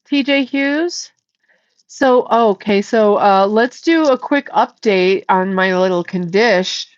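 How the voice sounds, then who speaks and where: Slow-talking profane woman streamer. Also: mid-range voice, dry recording, lo-fi sound. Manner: profane, rambling, jokey. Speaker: livestream host. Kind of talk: casual livestream chat.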